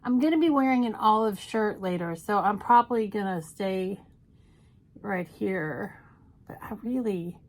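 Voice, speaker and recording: Slow-talking, playful woman makeup vlogger. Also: medium pitch, expressive. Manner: chatty, playful and self-mocking. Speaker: makeup YouTuber. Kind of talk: casual makeup tutorial chat.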